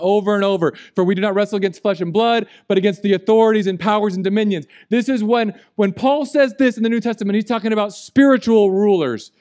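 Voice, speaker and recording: A man preaching a sermon as pastor, animated and jokey, swinging between loud and quiet. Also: sits high. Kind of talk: humorous sermon.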